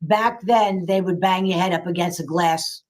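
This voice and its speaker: A woman's voice: fairly low pitch, moderate pace. Emphatic older New woman. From New York, USA. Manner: emphatic, repeats phrases for effect. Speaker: guest, local politician. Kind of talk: casual political chat.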